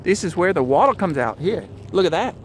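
A man's voice: sits high, expressive, fairly quick, a little hiss or hum. A man giving playful, jokey running commentary while riding along a nature preserve trail outdoors. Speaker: vlogger.

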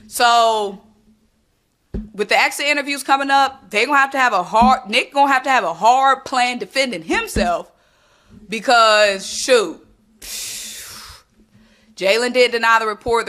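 A woman's voice: a little high, pushed and bright. A woman hosting a casual sports talk vlog, sassy and emphatic, repeating her points for effect. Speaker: sports commentary host.

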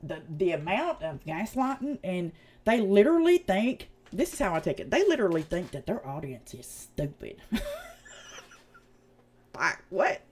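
Profane Southern woman ranting, lively pitch. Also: unhurried, slightly rough. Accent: Southern US, East Tennessee. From United States. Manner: blunt, profane, heated ranting. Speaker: channel host. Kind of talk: casual livestream commentary.

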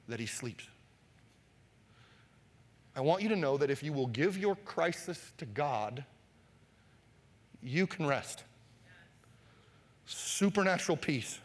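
A pastor preaching a sermon, animated, acting out Bible scenes and shouting for emphasis. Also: male voice, sits high. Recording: long hall reverb.

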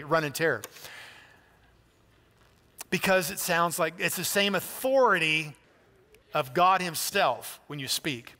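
A middle-aged man giving an emphatic sermon as pastor in a church, shouting at the peaks. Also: sits high, in a large hall.

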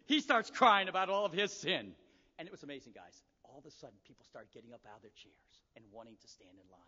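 High bright-voiced guy preaching, super lively storytelling, echoey church hall, kinda dull lo-fi recording. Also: husky. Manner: animated storyteller acting out dialogue. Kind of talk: sermon storytelling.

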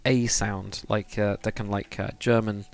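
Young guy on a game stream, low-ish gravelly voice, chatty and rambly, reads out chat. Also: flat delivery, moderate pace. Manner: rambling, chatty, reads viewer comments aloud. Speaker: live streamer. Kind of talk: casual chat while building in a game.

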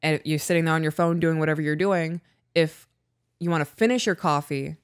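A woman's voice: low voice, fairly even intonation, brisk, clear, resonant tone, dry recording, clean studio sound. A woman co-hosting a podcast in casual chat, frank and swearing freely as she tells stories. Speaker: podcast co-host.

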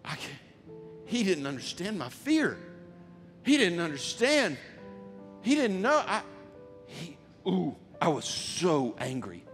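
A male pastor telling a story in a sermon. He acts out the voices in it, shouts and laughs. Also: high voice, wildly swooping pitch, slow, pauses often, big-room sound, faint music behind.

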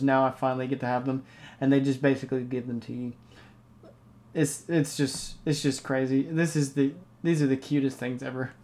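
A man hosting a casual unboxing video, talking excitedly and rambling as he opens card packs. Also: a little high, slight background noise. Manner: excitable, rambling, hyped reactions. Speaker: card-opening channel host.

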